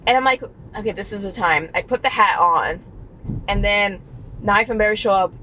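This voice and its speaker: A woman's voice: mid-range voice, normal speed, pushed and bright, slight background noise. A young woman co-hosting a casual chat in a car, telling a story animatedly, laughing often and acting out what people said. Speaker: co-host.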